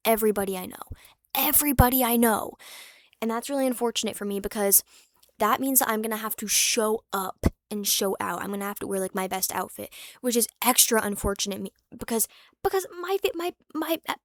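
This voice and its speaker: Expressive and brisk, this medium-pitched young woman chats casually in a vlog, rambling candidly through many fillers and restarts. She curses freely and occasionally whispers asides, recorded in clean studio sound without echo.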